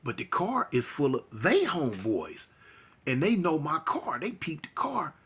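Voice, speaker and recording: A man telling a tense street story casually, animated and slangy, acting out the sounds himself. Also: on the high side, measured pace, husky.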